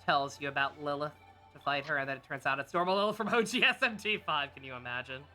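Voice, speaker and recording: A woman streaming a game and chatting casually, sarcastic and quick to swear, with excitable outbursts. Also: low-pitched, soft background music. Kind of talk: casual chat over gameplay.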